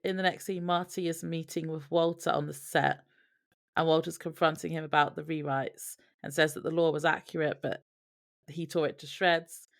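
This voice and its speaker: A woman's voice: sits low, fairly even intonation, normal speed. A woman co-hosting a podcast, chatting casually about a TV episode, reading out her notes and laughing often. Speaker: podcast co-host. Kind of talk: casual chat recapping a TV episode.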